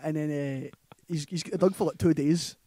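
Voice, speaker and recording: A Scottish man chatting about films on a casual podcast, his voice a little higher than most men's and mellow rather than bright. He rambles and keeps checking in with "right?". The sound is dry and close. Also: fairly even intonation, fairly quick, no echo. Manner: rambling, laughing retelling full of "like" and "right?". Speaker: podcast co-host. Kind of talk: casual movie chat.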